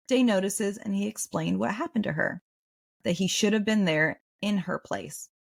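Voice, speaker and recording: A woman hosting a podcast, reading a book recap and breaking into excited asides. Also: lowish voice, creaky. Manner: animated, swings between reading and excited reactions. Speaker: podcast host.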